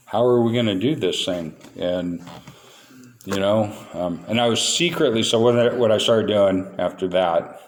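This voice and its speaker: A man's voice: low voice, slight background noise. A man speaking at a recovery meeting, telling his story candidly and with self-mocking humor.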